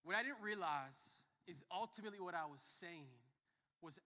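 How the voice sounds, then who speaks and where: A young man preaching a sermon as a pastor, joking and telling stories, swinging from quiet to loud. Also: high voice, moderate pace. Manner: lively, joking storyteller who shifts between soft and loud. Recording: long reverb of a church hall.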